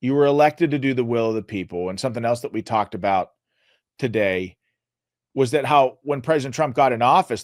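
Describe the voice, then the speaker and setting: A male show host giving an emphatic, earnest political commentary monologue, his voice going hoarse. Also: medium pitch, dry recording, clean studio sound. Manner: emphatic, earnest, rising to loud peaks. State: losing his voice.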